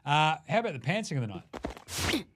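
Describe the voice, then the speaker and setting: An Australian man hosts a sports show in an excitable, joking manner, swearing freely as he runs through the highlights. His voice sits a little on the high side for a man. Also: normal speed, noisy background. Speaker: podcast host. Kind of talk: energetic sports commentary.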